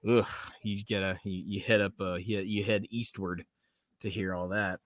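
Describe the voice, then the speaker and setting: A man's voice: deep voice, flat delivery, moderate pace, a bit bright, no room sound. A man from the American South hosting a casual live podcast stream, rambling, laughing often and reading chat comments aloud. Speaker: podcast host.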